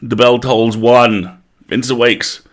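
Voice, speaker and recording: A man's voice: medium pitch, flat delivery, takes it slowly. A man reading a comic parody story aloud on a live stream, playful, stopping now and then to laugh and comment.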